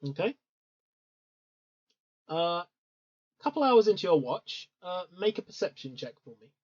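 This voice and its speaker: A game master narrating a tabletop game in an easygoing way, with many pauses and ums. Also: medium pitch, very animated, a little mellow, slightly rough. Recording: dull lo-fi recording.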